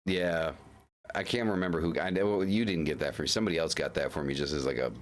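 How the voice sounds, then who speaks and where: Deep-voiced man chatting casually on stream. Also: quick pace, a little hiss or hum. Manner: rambling, restarts, swears casually. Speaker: livestream host. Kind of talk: casual livestream chat.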